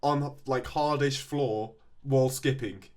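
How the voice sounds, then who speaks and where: A young man co-hosting a casual chat about clips, relaxed and matter-of-fact with dry jokes. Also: mid-range voice, takes it slowly. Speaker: co-host.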